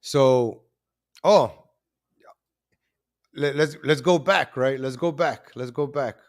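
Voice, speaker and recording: A man hosting a live commentary stream, animated and repetitive, calling out to viewers as ladies and gentlemen. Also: mid-range voice, slow pace. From New York.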